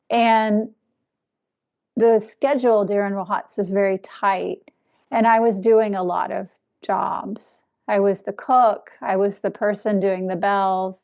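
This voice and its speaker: A woman giving a dharma talk as a Zen teacher, speaking in a reflective way with soft laughs. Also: mid-range voice, smooth.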